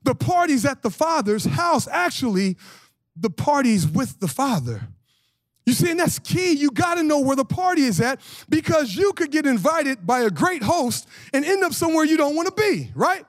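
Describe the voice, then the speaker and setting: A man in his forties preaching a lively conversational sermon as pastor, slangy and animated, asking the congregation questions. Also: extremely high pitch, normal speed, dry recording.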